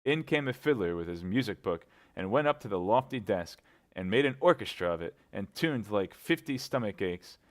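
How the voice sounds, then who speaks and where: Man, storybook reading, low-pitched voice, relaxed and amused. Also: normal speed. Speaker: reader. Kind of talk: reading a classic novel aloud.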